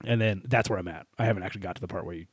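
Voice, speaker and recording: Low-voiced man with a sick voice. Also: very fast, breathy edge, no room sound. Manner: rambling, restarts with lots of "like". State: sick, hoarse-sounding voice. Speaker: podcast co-host. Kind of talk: casual chat.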